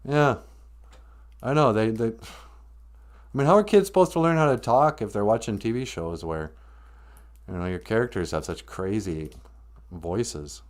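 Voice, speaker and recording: A man's voice: fairly low pitch, animated, moderate pace, long pauses. A man hosting a comedic podcast, talking in a casual, playful way. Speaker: podcast host.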